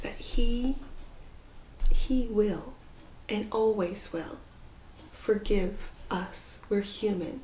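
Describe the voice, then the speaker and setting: A woman giving a spiritual tarot reading in an earnest, rambling way, sometimes dropping to a soft whisper. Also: mid-range voice, slow pace, long pauses. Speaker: tarot reader. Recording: echoey room with faint noise.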